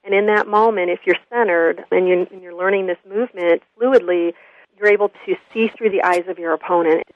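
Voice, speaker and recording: A woman's voice: on the low side, steady tone, brisk, no room sound. Earnest woman telling a story on radio. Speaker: guest, school consultant. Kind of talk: storytelling interview talk. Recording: dull lo-fi radio audio.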